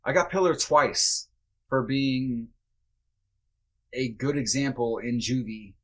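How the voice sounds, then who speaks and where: This man's mid-range voice has a fairly bright tone, and he talks slowly. As a podcast guest he tells a personal story candidly and casually, blunt, sometimes swearing, with lots of fillers.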